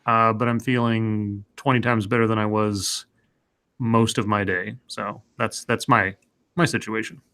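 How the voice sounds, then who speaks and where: A man's voice: lowish voice, level tone, unhurried, a bit bright. A man co-hosting a live stream in casual chat, his head sore from a migraine, with dry, laid-back banter. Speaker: co-host.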